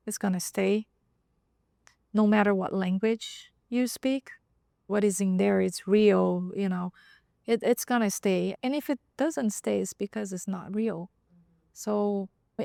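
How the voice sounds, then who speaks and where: Woman guest on a podcast, kinda gravelly, thinking out loud with ums, dry mic. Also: medium pitch, no echo. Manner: reflective, hesitant, with frequent ums. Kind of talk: casual roundtable chat.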